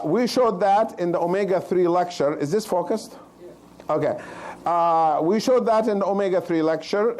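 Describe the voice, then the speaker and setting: A man's voice: high voice, a little mellow, low-quality recording. A man, a cardiologist, giving an informal health lecture to a live audience, plain-spoken and checking in with listeners as he goes. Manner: plain-spoken, loose grammar.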